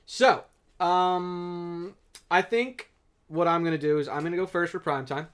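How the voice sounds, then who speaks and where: Higher-voiced man hosting sports picks. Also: unhurried, fairly bright tone, smooth. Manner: steers the segment, firm opinions. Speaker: podcast co-host running the picks. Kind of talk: casual sports chat.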